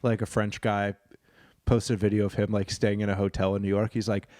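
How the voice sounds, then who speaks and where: A man's voice: on the low side, level tone, a little fast, a little mellow, no room sound, clean studio sound. A man co-hosting a podcast, chatting casually, rambling and swearing with the odd silly put-on voice. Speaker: podcast co-host.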